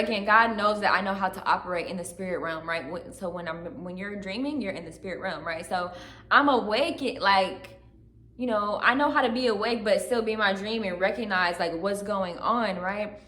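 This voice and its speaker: A woman's voice: medium pitch, moderate pace, a bit bright. A woman telling her religious testimony to the camera, earnest and searching, often tagging her sentences with "right?". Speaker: channel host giving testimony. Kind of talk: emotional personal testimony to camera. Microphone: camera facing her. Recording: echoey room.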